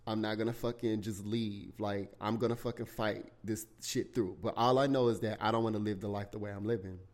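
Young man, lowish voice, loose profane storytelling, animated, podcast host. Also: a little fast. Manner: candid, profane, animated retelling with bursts of shouting. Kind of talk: casual storytelling monologue.

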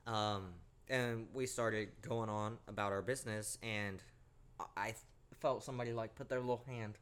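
A young man hosts a podcast, casually recounting a spooky personal story in an animated, profanity-laced way. His voice sits on the low side, with a clean tone and normal speed.

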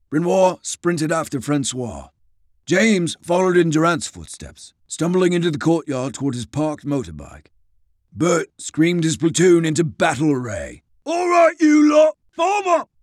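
A man giving dramatic scripted audiobook narration, dropping to a hush on tense passages. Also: mid-range voice, dry recording, clean studio sound.

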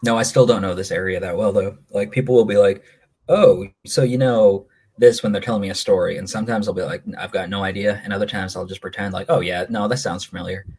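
A man's voice: low-pitched, steady tone, fast talker, few pauses, a little mellow, slightly rough. A young man from Maine, co-hosting a podcast and telling stories in a rambling, easygoing way with lots of fillers. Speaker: podcast co-host. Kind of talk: casual chat.

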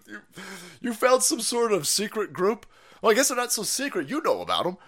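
A man's voice: high voice, brisk. A man hosting a livestream, ranting with profanity and mockery. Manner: profane, mocking, animated. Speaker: stream host. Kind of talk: livestream rant commentary.

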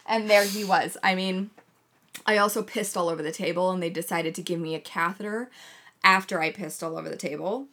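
A young woman chatting casually as a podcast co-host, telling a blunt, heavily sworn, animated story. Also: lowish voice, a little fast. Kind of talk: casual chat.

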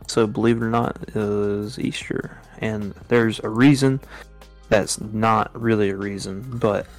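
A man's voice: on the low side, steady tone, measured pace, faint music behind. A man co-hosting a casual group chat, easygoing and joking. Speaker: co-host.

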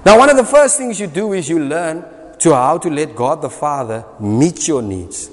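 A South African man delivers a sermon in a somewhat high voice, driving each point home through repetition. He swings between loud bursts and quiet asides, and his words ring out with the long reverb of a church hall. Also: lively intonation, moderate pace. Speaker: preacher.

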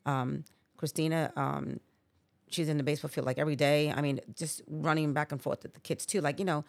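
Mom in her 60s, low voice, rambly, tons of "you know", dry sound. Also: steady tone, brisk, creaky, a little mellow, no echo. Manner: rambling, heavy "you know" fillers and restarts. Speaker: guest, mother of the hosts. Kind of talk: casual family chat. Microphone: remote podcast setup.

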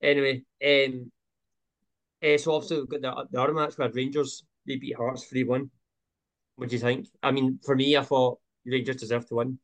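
Man, flat hesitant podcast host. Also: medium pitch, normal speed. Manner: hesitant, many fillers. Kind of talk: casual football chat.

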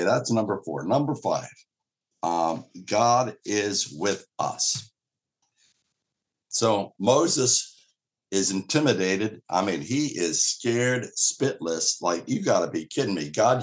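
Earnest low-voiced male pastor preaching. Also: expressive, slow pace. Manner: earnest, emphatic preaching with quoted dialogue. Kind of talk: sermon.

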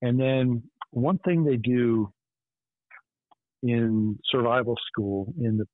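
A man's voice: medium pitch, takes it slowly, dry recording. Man telling a story over a tinny line. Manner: earnest, intense retelling. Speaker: podcast host. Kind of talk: personal storytelling. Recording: tinny phone-like line, dry.

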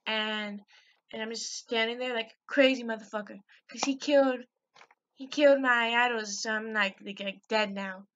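Her voice sits on the high side and sounds fairly bright, though the recording is muffled with a bit of hiss or hum. At home on a call with a friend, this woman rambles through her own podcast, giggling as she recaps a video with plenty of fillers and curse words.

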